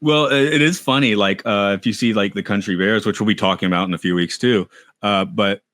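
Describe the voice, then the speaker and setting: Podcast co-host, male, lowish voice, loose chatty delivery, dry booth. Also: fairly quick, no room sound. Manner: rambling, animated asides. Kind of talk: casual chat.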